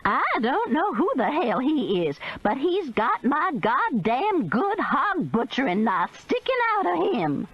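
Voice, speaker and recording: Female narrator as older foul-mouthed granny, shrill and screechy, slow lively delivery. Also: slightly rough, no room sound, muffled recording, heavily acted. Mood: indignant. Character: older profane Southern trailer-park grandmother.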